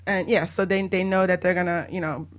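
A woman, a barter exchange broker, chatting casually on a podcast, animated and laughing often. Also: fairly low pitch, a little fast.

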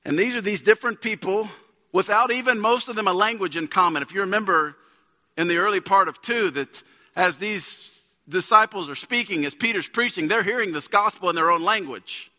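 A pastor in his thirties delivers a casual, conversational sermon that climbs into emphatic bursts. His voice sits high and sounds crisp and bright. Long reverb from the church hall trails behind each phrase. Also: fairly quick. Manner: conversational preaching, rising to emphatic peaks. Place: church sanctuary.

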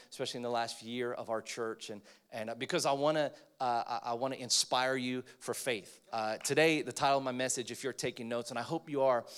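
An American man preaching a sermon to a congregation, talking in an energetic, joking way that rises to emphatic points. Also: medium pitch. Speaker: pastor. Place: church, in front of a congregation.

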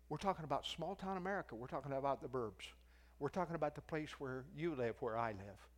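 A man's voice: on the high side, expressive, fairly quick. An older man preaching and teaching, telling a story in a conversational way and raising his voice for the quoted lines. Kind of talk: sermon.

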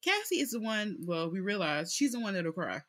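A young woman co-hosting a podcast, telling her views on a TV show in an emphatic, animated way. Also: mid-range voice, a little fast. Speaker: podcast co-host. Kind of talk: casual chat about a TV show. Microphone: podcast mic.

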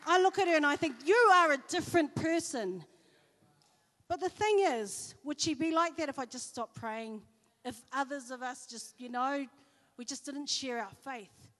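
Woman, church speaker, chatty sermon storytelling, fairly high voice, long hall reverb. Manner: chatty, animated storytelling with fillers. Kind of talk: sermon with personal stories.

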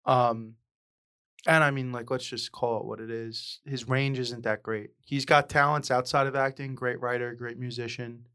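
A man, opinionated and casual, weighing in on a movie. He swears freely and sometimes stretches his words out slowly. His voice sits at a middling pitch. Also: level tone, bright, forceful tone, clean tone. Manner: opinionated, swears casually, drawn-out delivery at times. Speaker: podcast co-host.

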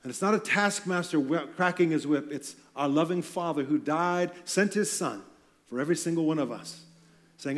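High-voiced earnest male preacher. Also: moderate pace. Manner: earnest, emphatic, with light self-deprecating humor. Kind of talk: sermon to church leaders.

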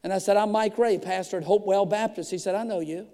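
A man preaching as a pastor, telling a story with lively acted-out dialogue. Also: high voice, fast. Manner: animated storyteller acting out dialogue. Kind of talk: storytelling sermon. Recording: long hall reverb.

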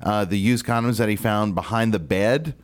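A man's voice: on the low side, moderate pace. A man from Louisiana co-hosting a casual radio show, talking bluntly and swearing casually. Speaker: radio co-host.

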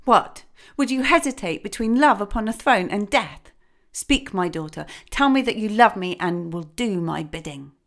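A woman's voice: fairly low pitch, moderate pace, darkish tone, lightly acted. A woman voicing a stern old king who scolds his daughter and flies into a rage. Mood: demanding. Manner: commanding, rising to fury. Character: stern old male king, angry father.

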